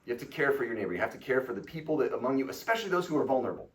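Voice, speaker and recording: Man, church lecture, informal and animated, medium pitch, distant mic. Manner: animated, informal, with casual fillers and quick asides. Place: church hall.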